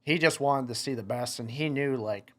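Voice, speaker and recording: A man's voice: mid-range voice, moderate pace, fairly bright tone. A young man in his twenties, a motocross racer, telling a story in a casual podcast chat, rambling with lots of "like" fillers and quoting himself. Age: 20s.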